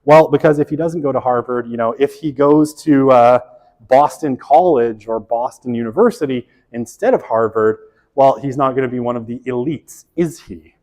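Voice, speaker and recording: A man's voice: medium pitch, normal speed, darkish tone. A middle-aged man giving a casual classroom lecture, peppering it with "right?" and correcting himself with wry asides. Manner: conversational, lots of "right?" tag questions. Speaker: college sociology instructor. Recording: long reverb of a lecture hall.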